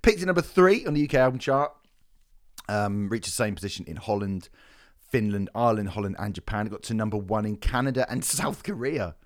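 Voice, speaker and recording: A man's voice: fairly low pitch, lively intonation, a little fast, no echo. A man co-hosting a podcast, reading reviews aloud with dry, sardonic asides and swearing. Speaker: podcast co-host.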